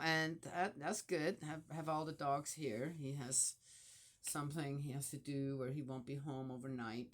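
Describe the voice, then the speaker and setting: An older woman with grandchildren, speaking in a low, fairly bright voice, vlogs a casual spiritual reflection. She rambles about family and faith with lots of fillers and restarts.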